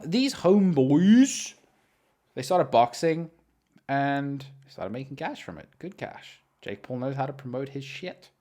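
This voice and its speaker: A man hosting a casual solo chat, rambling from one thought to the next. He swears freely and makes jokes at his own expense. His pitch swings up and down in a very lively way, at a middle pitch for a man. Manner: rambling, profane, self-mocking. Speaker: host.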